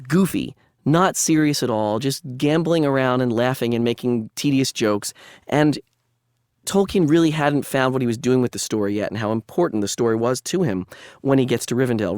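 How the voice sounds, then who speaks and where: A man's voice: medium pitch, darkish tone, no room sound. Man lecturing on books, chatty and analytical, dry close mic. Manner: conversational, analytical, with asides. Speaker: literature lecturer. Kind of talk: academic lecture.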